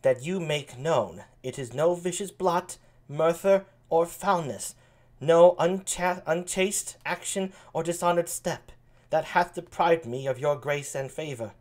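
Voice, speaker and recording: A man's voice: fairly high pitch, a little slow, natural voice. A man reading an earnest young princess. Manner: quiet, earnest, a few stumbles.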